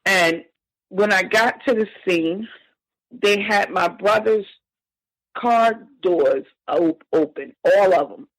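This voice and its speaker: A woman telling a painful family story as a podcast guest, halting and emotional with frequent restarts. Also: medium pitch, no echo, rough recording. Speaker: victim's sister, interview guest. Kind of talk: personal account in a podcast interview.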